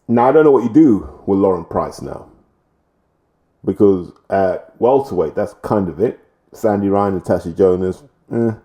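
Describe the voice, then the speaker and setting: Blunt man with a very dark voice. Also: low voice. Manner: blunt, opinionated, rambling. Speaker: boxing commentator. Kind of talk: opinion commentary vlog.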